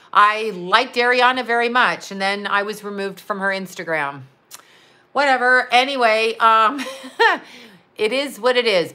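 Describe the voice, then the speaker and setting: Middle-aged woman ranting live, rambly and sweary, bright sharp voice, pitched a bit high. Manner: rambling, profane, animated, talks straight to viewers. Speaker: psychic medium and astrologer. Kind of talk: livestream rant.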